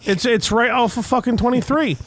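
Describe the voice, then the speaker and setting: A young man, co-hosting a podcast, telling swearing stories in casual chat and breaking into loud impressions of his dad. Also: extremely high pitch, brisk. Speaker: podcast co-host.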